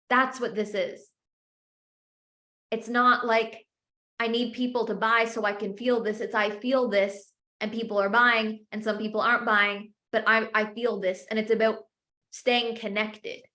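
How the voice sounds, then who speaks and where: A woman's voice: a little high, a bit bright, echoey room. A woman sales coach teaching a live masterclass, speaking with passion and emphatic repetition.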